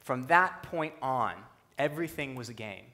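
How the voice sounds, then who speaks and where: A young man giving a talk on a stage, telling a personal story with humor and an animated delivery. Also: moderate pace. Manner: animated, humorous, acts out quotes in a lowered voice. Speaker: speaker at a youth conference talk. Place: stage before a live audience.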